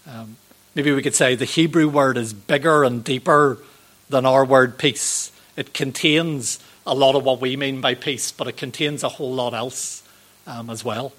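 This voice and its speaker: A man, giving a sermon in a gentle, conversational way, with ums and rhetorical questions. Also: mid-range voice, fairly even intonation, moderate pace. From Northern Ireland. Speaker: preacher.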